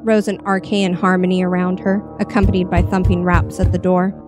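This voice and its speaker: A woman reading a horror story with measured, expressive narration. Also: on the low side, music in the background. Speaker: story reader.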